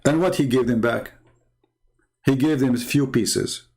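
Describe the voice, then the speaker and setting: A man hosts a show with a slightly slow delivery, his medium-pitched voice carrying a darkish tone. His monologue commentary is sarcastic and mocking, crowded with heated rhetorical questions.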